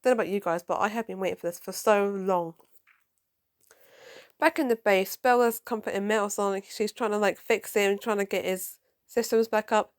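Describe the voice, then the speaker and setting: A woman casually reviewing a comic book, excitable and prone to swearing, who stumbles and corrects herself while reading lines aloud. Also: medium pitch, moderate pace.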